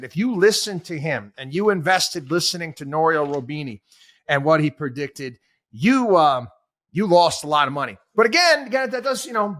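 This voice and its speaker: With a fairly high pitch and fairly bright tone, the host pours out exasperated, sarcastic opinion in talk radio style, asking rhetorical question after rhetorical question. The recording is studio quality, free of room sound.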